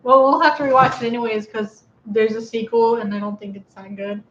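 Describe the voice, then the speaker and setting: A woman with a slightly high voice chats casually on a live stream, dropping short, teasing remarks. The room echoes around her. The sound is dull and lo-fi. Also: steady tone, a little fast, a bit bright, a little hiss or hum. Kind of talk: casual chat.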